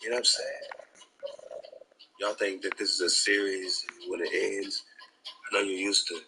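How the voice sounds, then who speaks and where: A man with a low, deep voice talks straight to his viewers in a loose, slangy vlog style. His tone is forceful and pressing, leaning emphatic and preachy. A faint noise sits under the voice. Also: flat delivery, moderate pace, rough recording. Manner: slangy, keeps saying "man". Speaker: vlog host. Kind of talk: casual vlog talk.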